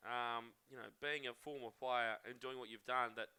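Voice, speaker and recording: Bright-voiced man hosting. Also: mid-range voice, steady tone, moderate pace, clean tone. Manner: friendly, rambling questions with restarts. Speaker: podcast host. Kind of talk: casual interview.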